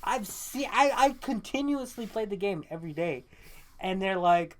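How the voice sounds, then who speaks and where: A man's voice: high voice, lively intonation, a little slow. A young man co-hosting a podcast, in a casual chat. He rambles, swears often and breaks into laughter. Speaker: podcast co-host.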